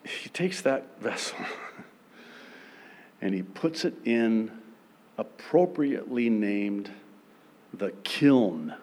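A man preaching a sermon, theatrical and playful, acting out little scenes with sudden loud bursts and laughter. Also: on the low side, animated, drawn-out words, long pauses.

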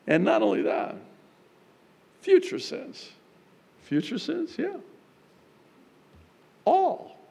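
Slow, gravelly pastor preaching in a hall. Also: male voice, extremely high pitch, wildly swooping pitch. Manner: dramatic, swings from loud exclamations to hushed prayer. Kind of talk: sermon. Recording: long reverb of a large hall.

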